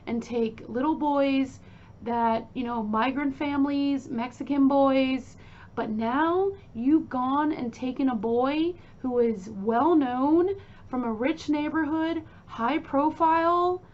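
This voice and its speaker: Woman putting on a scheming mom, coddles then scolds, slowish, dull lo-fi audio. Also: high-pitched. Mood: scolding. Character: cold, scheming mother coddling her son. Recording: dull lo-fi recording.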